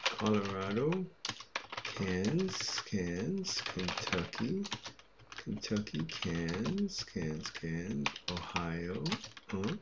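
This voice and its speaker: A man's voice: low voice, sing-song, takes it slowly, vocal fry, heavy background noise. A man muttering letters and names to himself while he indexes records, with self-deprecating asides. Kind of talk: muttered screen-recording commentary. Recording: muffled audio with loud typing.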